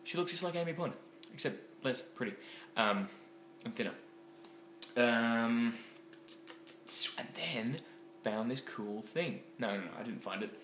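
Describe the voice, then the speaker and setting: Excitable rambling young man. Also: medium pitch, measured pace, long pauses. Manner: rambling, excitable, with many ums and likes. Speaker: vlogger. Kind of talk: casual rambling vlog. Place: home kitchen. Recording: echoey room with faint background noise.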